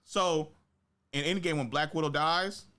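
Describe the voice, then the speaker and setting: A young man hosting a podcast, telling stories in casual chat with slang and profanity. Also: measured pace. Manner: animated storytelling with big pitch jumps in quoted reactions. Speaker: podcast host.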